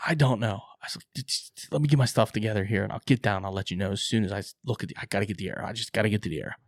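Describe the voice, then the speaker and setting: A man co-hosting a podcast, excitedly telling a hunting story, acting out his own quotes and swearing casually. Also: on the low side, racing, no echo, studio quality.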